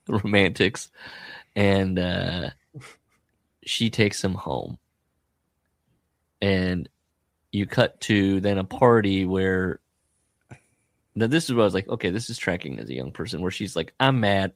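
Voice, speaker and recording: A man's voice: deep voice, no room sound. A man hosting a podcast, chatting casually about a film and acting out the characters' lines as he retells it. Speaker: podcast host.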